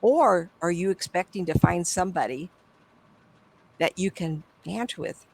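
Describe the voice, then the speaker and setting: An older woman, a psychic medium, telling stories in a casual interview, animated and acting out the people she quotes, often trailing off and starting over. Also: lowish voice, a little slow, poor audio. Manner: animated, acts out quoted voices, trails off and restarts.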